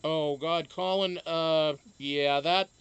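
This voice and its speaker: A man hosting a casual live stream, chatting to viewers in a rambling way full of fillers, with sudden animated outbursts. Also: on the high side, slow, clear, resonant tone.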